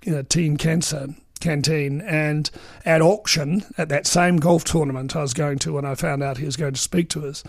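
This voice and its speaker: A man's voice: a little high, fairly even intonation, moderate pace, creaky, no echo, clean studio sound. A man, a veteran political journalist telling anecdotes in an interview, chatty and full of ums and uhs.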